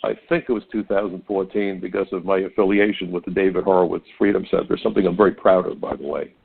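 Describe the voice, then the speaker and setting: A man's voice: low voice, steady tone, fast, vocal fry, husky. An older man hosting a talk radio show, telling stories in a folksy, opinionated way and often stammering on repeated words. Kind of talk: conservative talk radio monologue. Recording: narrow phone-like radio sound.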